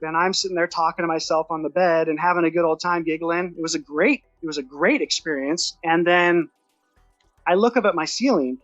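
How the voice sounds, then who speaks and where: A man, a podcast guest, telling his personal story in an earnest, heartfelt way, rushing ahead with restarts. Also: fairly high pitch, a bit bright, dry recording, dull audio.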